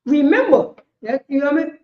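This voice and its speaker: A woman teaching a religious law class in an impassioned preaching style, repeating herself with emphasis and swinging between shouts and quiet words. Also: high voice, big pitch swings, brisk. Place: indoor meeting room. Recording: roomy, slightly dull lo-fi sound.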